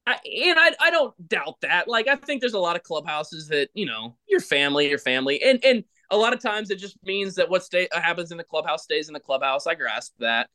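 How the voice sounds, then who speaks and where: A man hosts a casual podcast with a bright, forceful edge to his slightly high voice. He rambles warmly through his points, pressing on each one with emphasis. Restarts and fillers run through his talk. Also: very animated, a little fast, hardly any pauses. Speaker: podcast host, former ballplayer.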